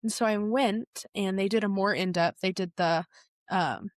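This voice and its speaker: A young woman, a podcast guest, retelling a personal story in a lively way and laughing often. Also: mid-range voice, normal speed, no room sound, studio quality. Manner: animated retelling, laughs often, acts out quotes.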